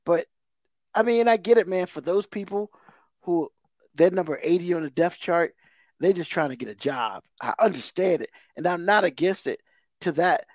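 A high-voiced man rants on a podcast, heated and profane, circling back to the same gripe again and again. The sound is close and dry, with no room around it. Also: expressive, normal speed, dry recording. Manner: heated, swears constantly, emphatic repetition. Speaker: podcast co-host. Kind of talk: casual profane rant.

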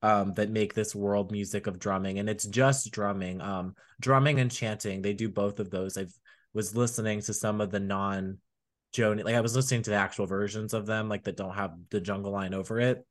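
A man's voice: on the low side, fairly even intonation, brisk. A man co-hosting a music podcast, rambling casually with many fillers and frequent laughs. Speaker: podcast co-host. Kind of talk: casual chat.

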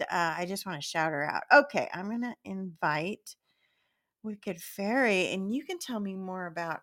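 A woman's voice: medium pitch, fairly bright tone, no room sound, studio quality. A woman hosting a podcast in casual chat, rambling and laughing often. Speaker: podcast host.

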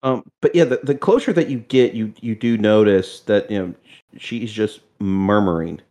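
Lower-voiced man running a tabletop game. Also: mellow. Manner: halting, searching descriptions. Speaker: game master. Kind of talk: narrating a tabletop horror game.

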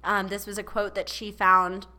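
A woman's voice: medium pitch, little pitch movement, moderate pace, bright, forceful tone. A young adult woman co-hosting a podcast, telling stories in casual chat with quoted asides. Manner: chatty, storytelling with quoted asides. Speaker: podcast co-host.

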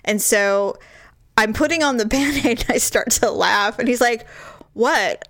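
Middle-aged woman, animated storyteller, higher voice, dry close sound. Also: unhurried, no echo. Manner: animated storyteller, acts out quotes, laughs often. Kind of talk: casual chat, telling a story.

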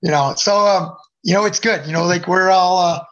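A man's voice: high-pitched, normal speed, a bit bright, muffled recording. A middle-aged man, a hockey coach, chatting as a podcast guest and rambling with many fillers and restarts. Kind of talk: casual podcast chat.

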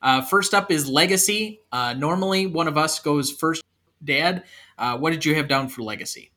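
Give me a wry male podcast host chatting about movies, with a bright, tense voice. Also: on the high side, moderate pace. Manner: wry, runs the segments. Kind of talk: casual movie-review chat.

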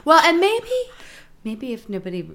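Bright-voiced woman telling animated stories. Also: high-pitched, moderate pace, a little hiss or hum. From Delaware. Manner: animated storyteller, acts out voices of people in her stories. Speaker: podcast guest, comedian. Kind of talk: casual chat.

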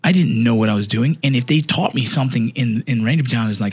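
Casting: husky, rapid-fire veteran in his thirties, cussing, emphatic, dry close sound. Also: medium pitch, fairly bright tone, dry recording. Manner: profane, blunt, emphatic storytelling. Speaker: veteran podcast guest. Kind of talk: casual chat.

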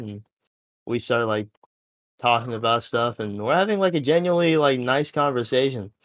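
A man's voice: medium pitch, a little fast, fairly bright tone. A seventeen-year-old young man telling a story in a casual podcast chat, rambling and full of fillers. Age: teens. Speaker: podcast co-host.

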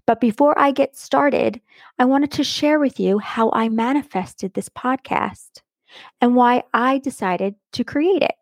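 Gushing, gravelly-edged woman podcast host. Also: fairly high pitch, measured pace, dry recording, studio quality. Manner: enthusiastic and affectionate, stretching words for emphasis. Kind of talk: warm motivational podcast monologue.

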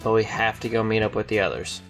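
A man's voice: fairly low pitch, quick pace, soft background music. A man playing a tabletop game, playful and often laughing. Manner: giggly, playful. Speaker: player. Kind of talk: casual tabletop play.

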